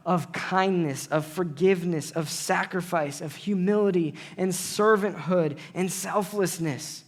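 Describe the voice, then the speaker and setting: High-voiced man preaching animatedly. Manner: animated, acts out dialogues with God. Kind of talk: sermon.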